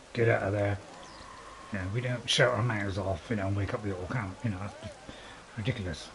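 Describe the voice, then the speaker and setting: A British gaming host's fairly low, creaky voice comes through a low-quality recording with a little hiss or hum. Chatting through let's-play commentary, he mocks himself and laughs often as a dog barks nearby.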